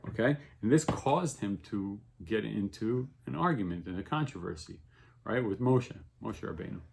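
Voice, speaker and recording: A man teaching an informal religious class, telling stories with growing excitement and checking in with "okay?" and "right?" all the time. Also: fairly low pitch, moderate pace, creaky. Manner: animated storytelling, voice rising with excitement. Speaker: Torah teacher.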